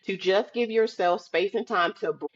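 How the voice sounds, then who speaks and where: A woman guest on a podcast, chatting casually and telling lively stories, acting out the voices of the people she quotes. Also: mid-range voice, normal speed, muffled recording. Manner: animated storytelling, acts out quoted voices. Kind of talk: casual chat. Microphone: video call.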